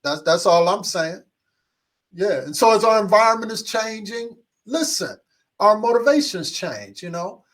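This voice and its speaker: A middle-aged man preaching a motivational sermon to a livestream audience, repeating phrases, calling for responses and building in excitement. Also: high-pitched, unhurried. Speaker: pastor.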